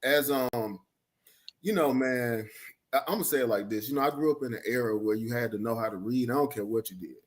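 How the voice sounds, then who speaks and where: A man's voice: medium pitch, brisk. A middle-aged man from Atlanta, a school principal talking as a guest and telling stories in a reflective way, full of "you know" and "right?". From Atlanta, Georgia. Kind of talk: casual podcast conversation.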